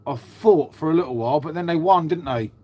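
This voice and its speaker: A man's voice: on the high side, brisk, warm tone. A middle-aged man chatting casually on a livestream, answering viewers and calling them mate. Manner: chatty, matey, peppers talk with "mate" and "um". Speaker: livestream host. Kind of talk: casual live chat with viewers.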